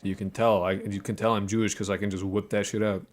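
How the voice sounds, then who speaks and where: Low-voiced man joking with his chat. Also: flat delivery, fast. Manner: joking, profane, reads chat aloud. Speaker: game dev streamer. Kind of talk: casual livestream chat.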